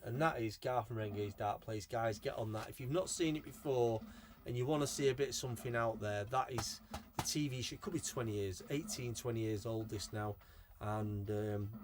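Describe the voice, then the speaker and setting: A man's voice: mid-range voice, noisy background. Rambling, enthusiastic man. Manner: enthusiastic, rambling, swears freely. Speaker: collector showing his purchases. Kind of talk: casual video chat.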